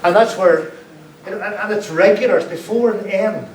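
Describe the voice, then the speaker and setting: A man's voice: high voice, normal speed. A man giving a public lecture, explaining points and repeating words aloud to show how they sound. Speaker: guest lecturer. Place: lecture room. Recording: roomy echo, distant mic, faint hiss.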